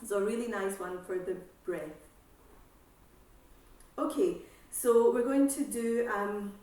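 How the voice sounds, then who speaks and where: A woman exercise instructor calmly guiding a seated breathing class, with slow breath cues and counting. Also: medium pitch. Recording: echoey room, voice from far off.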